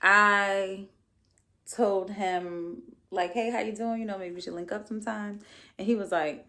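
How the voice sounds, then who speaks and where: A woman's voice: medium pitch, steady tone, unhurried, pushed and bright. Sassy, blunt young woman podcast host. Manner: sassy, blunt and profane, with playful asides. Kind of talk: casual solo recap monologue.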